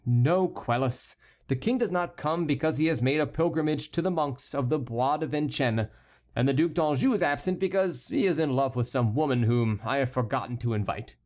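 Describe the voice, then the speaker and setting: A man's voice: mid-range voice, expressive, moderate pace, darkish tone, natural voice. A man voicing an uneasy young male courtier on his wedding day, earnest and guarded.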